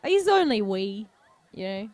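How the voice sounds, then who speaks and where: Playful woman with a lively voice. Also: mid-range voice, a little slow. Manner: playful, teasing, laughs often. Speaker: let's play co-host. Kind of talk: casual chat.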